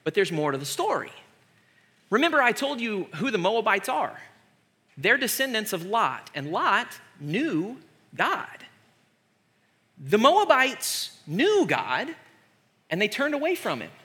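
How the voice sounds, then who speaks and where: A male preacher in his thirties, giving a comedic sermon with sarcastic asides. His high, bright voice leaps up and down lively, pushing each joke forward. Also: slow pace, pauses often. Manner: animated, joking, sarcastic.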